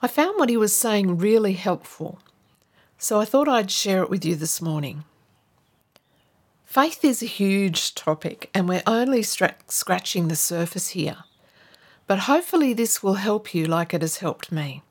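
A woman's voice: medium pitch, lively intonation, a little slow. A woman pastor giving a sermon to her church, earnest and emphatic, acting out the people she quotes.

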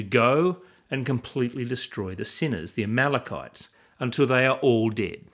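A man reading the part of a stern older prophet who rebukes a king, in a Bible reading. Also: mid-range voice. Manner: stern, reproving.

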